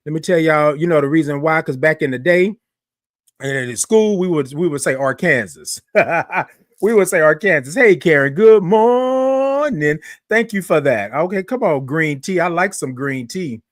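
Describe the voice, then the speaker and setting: A man hosts a relaxed morning livestream, talking easily to his viewers and greeting each one by name. His voice sits a little high for a man. The sound is dry and close, with the microphone right at his face. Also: dry recording. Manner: chatty, greets viewers by name, drawn-out sung "good morning". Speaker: livestream host. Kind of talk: casual livestream talk.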